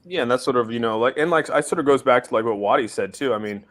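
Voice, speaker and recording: A man at a middle pitch chats on a live stream, rambling through his points with lots of fillers and a casual swear here and there. He talks over a voice call. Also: fast talker. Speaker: stream co-host.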